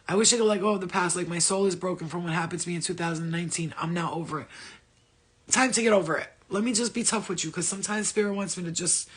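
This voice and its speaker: A high-voiced man with a husky edge delivers a loose, profane pep talk straight to his viewers. His speech is blunt and rambling, full of asides and repeated points. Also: fast talker, fairly bright tone. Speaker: spiritual vlogger. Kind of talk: casual motivational rant.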